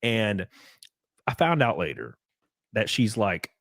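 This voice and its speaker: A young man in casual podcast chat, rambling through a story with lots of likes and restarts and sudden bursts of excitement. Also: on the low side, slow pace, gravelly, no echo, studio quality. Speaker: podcast guest.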